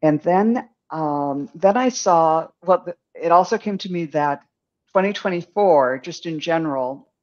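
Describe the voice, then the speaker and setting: A man's voice: a little high, lively intonation, measured pace. Older man, psychic, dull lo-fi audio. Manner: rambling, gentle, giggly. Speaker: psychic medium. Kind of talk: live-stream psychic reading.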